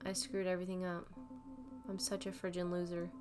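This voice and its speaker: Woman voicing a teenage girl, distraught, self-loathing, low-pitched, flat. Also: brisk, over music, lightly acted. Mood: upset.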